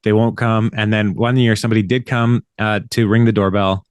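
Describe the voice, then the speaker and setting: In a clean, dry studio recording, a man with a smooth, fairly low voice recaps a podcast episode a little quickly and with fairly even intonation. As host, he wanders through the story casually, laughing a lot and performing the characters' dialogue.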